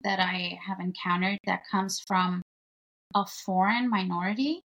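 Gravelly, animated woman guest. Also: medium pitch, unhurried. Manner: animated storyteller acting out quoted exchanges. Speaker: podcast guest. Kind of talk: casual chat.

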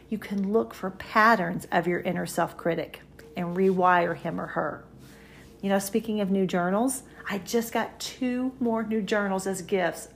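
A woman with a gravelly, fry-edged voice hosts a self-help podcast. She talks straight to her listeners in a chatty, encouraging way, like a coach walking them through an exercise. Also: medium pitch. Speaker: podcast host.

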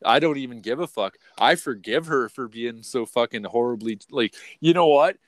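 A man's voice: mid-range voice, normal speed, dry recording. Profane, rambling male podcast host. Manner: profane, rambling, swings between loud and quiet. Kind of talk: unfiltered casual rant.

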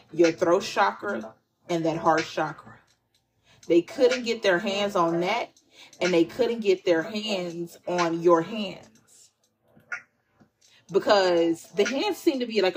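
A woman's voice: on the low side, low-quality recording. Chatty, profane woman giving a tarot reading. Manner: chatty and profane, addresses listeners as "y'all" and "honey bunnies"; repeats phrases for emphasis. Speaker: tarot reader. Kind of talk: casual tarot reading monologue.

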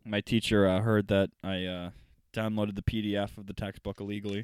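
A man's voice: lowish voice, level tone, a little fast, darkish tone, clear, resonant tone, dry recording. A young man in his twenties co-hosting a podcast, talking in a casual, profane, rambling way. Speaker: podcast co-host. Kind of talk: casual chat.

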